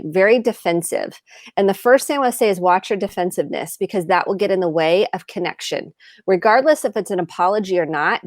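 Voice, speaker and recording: A woman's voice: medium pitch, a little mellow, no room sound, studio quality. A woman therapist on a video call, explaining earnestly and acting out example phrases as she goes. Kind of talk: video chat advice talk.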